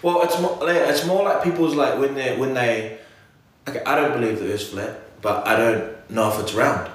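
A man in casual chat, animated and slangy, often cutting himself off mid-thought. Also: medium pitch, moderate pace. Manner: animated, slangy, self-interrupting. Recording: echoey room.

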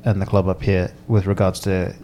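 A relaxed man hosting a casual podcast, with a fairly low voice. He asks his guest easygoing questions. Faint noise sits behind him. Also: moderate pace, dull audio. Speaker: podcast host, caddy. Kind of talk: casual chat.

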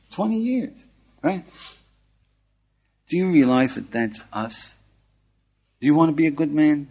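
Teaching an energetic Torah class, this older rabbi from the United States keeps tossing questions at his listeners and punctuating them with "yeah?". He has a mid-range, somewhat breathy voice, and the lecture recording sounds dull and lo-fi.

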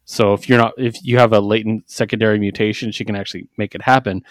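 A man co-hosting a casual podcast, recapping comics in an animated way, jumping into quick character voices and laughing often. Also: lowish voice, no room sound. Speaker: podcast co-host. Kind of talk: casual comic book chat.

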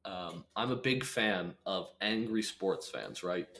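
A young man co-hosting a casual sports podcast, telling stories in an animated way and acting out quotes. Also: sits low, takes it slowly. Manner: animated storyteller, acts out quoted texts in raised voice. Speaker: podcast co-host. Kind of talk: casual chat.

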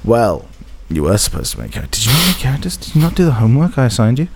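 A man's voice: medium pitch, huge pitch swings, racing, creaky, a little mellow, a little hiss or hum. A man hosting a tabletop role-playing podcast as game master, chatty and joking, laughing often. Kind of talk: casual tabletop podcast chat.

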